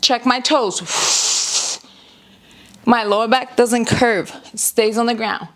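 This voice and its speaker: A woman's voice: on the high side, slow. A woman fitness instructor leading a live home workout class, calling out exercises and cues energetically, sometimes out of breath. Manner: energetic coaching cues, counting down. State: out of breath at times. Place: home, near a busy street.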